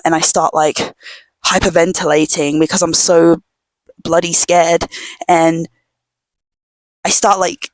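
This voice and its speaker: Young female podcast host, lowish voice, loose rambling chat at home, dry close sound. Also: no echo. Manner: rambling, filler-heavy storytelling with many "like"s; drops to a hush at times. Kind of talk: casual chat.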